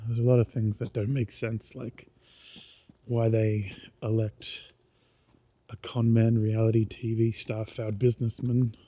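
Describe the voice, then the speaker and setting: A middle-aged Australian man, tired and speaking quietly, rambling through a casual walking vlog outdoors at night. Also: level tone, unhurried. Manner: rambling, quiet and low-key. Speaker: vlogger. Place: outdoors on a small-town main street at night. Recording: dull lo-fi recording.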